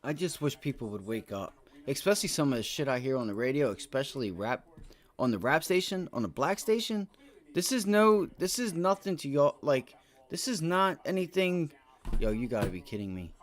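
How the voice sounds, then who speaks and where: A man's voice: mid-range voice, moderate pace. A man commenting live on his trades during a stock trading stream, swearing often and rambling. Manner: profane, excitable, rambling. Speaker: livestream day trader.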